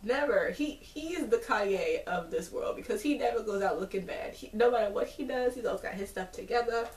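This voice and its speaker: A woman giving a casual, chatty episode recap, full of fillers and animated asides. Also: mid-range voice, fairly quick. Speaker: TV episode reviewer. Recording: roomy, distant from the mic.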